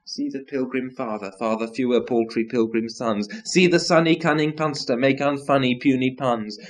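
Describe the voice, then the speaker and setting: A man reciting nonsense verse theatrically, swinging between loud declamation and low murmurs.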